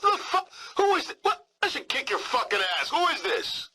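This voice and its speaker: An actor playing a foul-mouthed male military radio operator in a video game, with a husky, blustering, sarcastic manner. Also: very high voice, big pitch swings, normal speed, bright, forceful tone, heavily acted, rough recording. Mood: furious. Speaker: communications officer.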